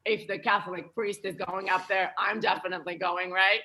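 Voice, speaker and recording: A woman's voice: mid-range voice, little pitch movement, brisk, sharp tone. A young woman from France doing a stand-up comedy set, chatty and playful, with light laughter in her delivery.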